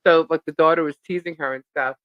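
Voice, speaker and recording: A woman's voice: deep voice, steady tone, fast, no room sound, phone-quality sound. A woman co-hosting a live stream, telling a rambling story in casual chat, laughing often and filling with "uh" and "like".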